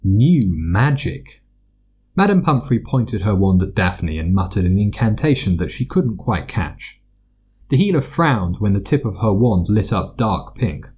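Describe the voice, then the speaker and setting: A man narrating a story aloud, expressive and doing voices for the characters. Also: fairly low pitch, measured pace, slightly rough. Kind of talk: fan fiction reading.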